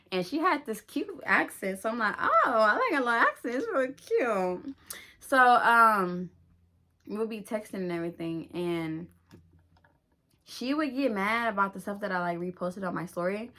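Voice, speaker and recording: A woman's voice: mid-range voice, moderate pace, bright, forceful tone. A young adult woman vlogger in a chatty, slangy storytime who laughs at herself. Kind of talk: casual storytime.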